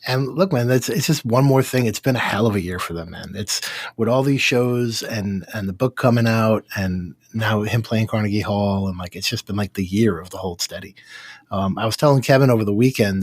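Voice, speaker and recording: A man's voice: on the low side, moderate pace, breathy edge, no echo. A man hosting a podcast, rambling in a laid-back, casual way. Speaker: podcast host. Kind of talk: casual chat.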